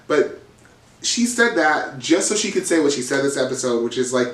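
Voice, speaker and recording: A man's voice: fairly high pitch, animated, measured pace, a bit bright. Man, reality TV recap host, casual gossip, profane, dramatic retelling, echoey room, distant mic. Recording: roomy, from off the mic.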